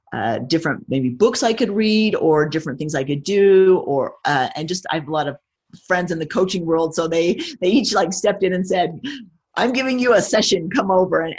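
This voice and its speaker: A middle-aged woman speaking as an interview guest, reflective and measured, often restarting her sentences. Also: lowish voice, darkish tone, slightly rough. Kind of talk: personal interview conversation.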